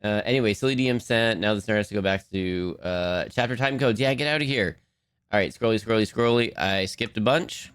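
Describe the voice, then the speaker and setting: A man's voice: fairly low pitch, fairly quick, fairly bright tone, smooth, no room sound, clean studio sound. A man chatting casually with viewers on a live stream, laughing often, his voice a little worn from talking.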